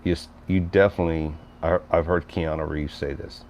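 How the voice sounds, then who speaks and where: A deep-voiced middle-aged man chatting loosely on a livestream, rambling from one thought to the next as he answers his viewers. A faint hiss sits under his voice. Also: fairly even intonation, a little fast, a little mellow. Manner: rambling, conversational, reads chat aloud. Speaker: livestream host. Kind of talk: casual livestream chat.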